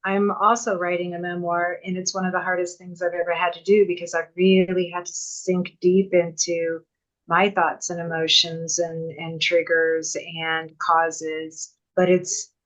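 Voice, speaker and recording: A woman's voice: fairly low pitch, flat delivery, a little slow, poor audio. A middle-aged woman hosting a podcast, speaking reflectively and openly in casual conversation. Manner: reflective and open, with light laughter. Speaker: podcast host.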